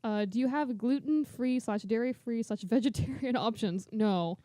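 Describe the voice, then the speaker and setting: A young woman co-hosting a podcast in casual chat, animated and enthusiastic, giggling often. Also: fairly high pitch, moderate pace, no room sound, clean studio sound. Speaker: podcast co-host.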